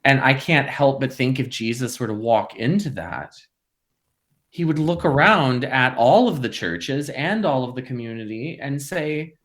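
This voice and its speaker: A man, a parish priest, speaking in a podcast conversation. He throws himself into quoted lines with sudden leaps in pitch and laughs easily. When the subject turns grave, his voice drops low and quiet. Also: a little slow. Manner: animated, acts out quotes with big pitch jumps.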